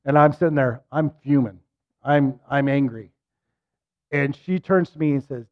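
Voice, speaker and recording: A middle-aged man preaching a sermon and telling a personal story, animated and self-deprecating. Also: medium pitch, moderate pace. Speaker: pastor. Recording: muffled lo-fi recording.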